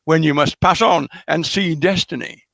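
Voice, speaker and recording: A man reading out a queen's formal speech to her husband in his own voice, slow and measured. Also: a little high, creaky, sharp tone, no room sound. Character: a queen addressing her old husband, tactful.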